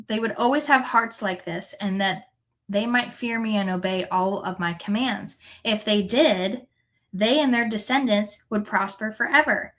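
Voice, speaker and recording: A woman reading scripture aloud in an earnest, unhurried way, now and then correcting a word. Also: mid-range voice, fairly bright tone, poor audio. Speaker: scripture reader.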